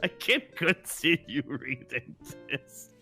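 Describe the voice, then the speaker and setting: A man's voice: fairly high pitch, animated, slow pace, creaky, bright, forceful tone, slightly rough, soft background music. A man co-hosting a stream, reading a review aloud in a casual, incredulous way and laughing often. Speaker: stream co-host.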